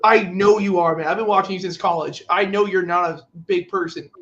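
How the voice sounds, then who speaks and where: An excitable, high-voiced man vents about his team in a casual podcast chat, slipping into mock voices as he quotes players. The sound is a little dull and lo-fi, like a home setup. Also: a little fast, slight background noise. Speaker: podcast co-host.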